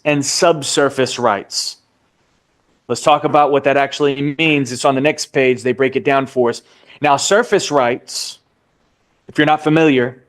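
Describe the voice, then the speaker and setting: A man teaching a live real estate licensing class, stretching out key terms and quizzing the class. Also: medium pitch. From United States. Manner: drawn-out emphasis on key terms, asks the class questions.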